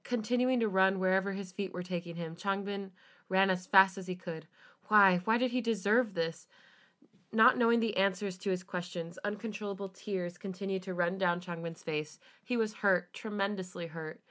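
Bright-voiced woman reading fanfiction aloud. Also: mid-range voice. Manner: expressive reading, quick to laugh. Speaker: podcast co-host.

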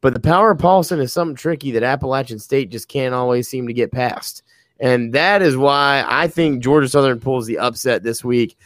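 A man's voice: medium pitch, a little fast, no room sound. Guy breaking down a rivalry game, earnest, mid voice, dry close mic. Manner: earnest, building arguments. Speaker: podcast co-host. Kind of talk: casual sports analysis.

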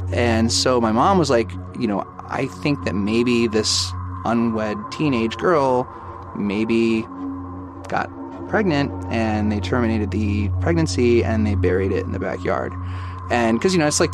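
A man in his thirties tells a personal ghost story in a loose, conversational way. He keeps slipping into quoted dialogue, and his voice sits at an ordinary middle pitch. Music plays underneath him. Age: 30s. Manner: casual and animated, acting out back-and-forth dialogue. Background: background music.

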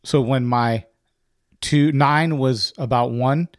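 A man's voice: medium pitch, slow pace, no echo, studio quality. A laid-back man in his forties hosting a casual chat, swearing freely and calling his guest dude. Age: 40s.

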